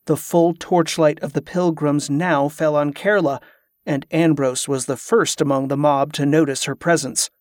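A man narrating an audiobook in a steady, even storytelling read. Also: on the high side, normal speed, dry recording, clean studio sound. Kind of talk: scripted narration.

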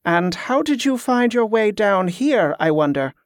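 A man voicing Pharaoh, a composed monk who works spells, speaking in measured, courteous tones with a quiet threat underneath. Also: sits high, sing-song, dry recording, clean studio sound, voice pushed up. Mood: probing.

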